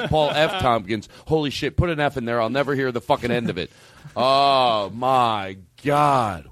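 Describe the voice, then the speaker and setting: A man hosting a comedy podcast, giggly and excitable, bantering loosely and swinging between loud outbursts and quiet asides. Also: medium pitch, normal speed, dry recording.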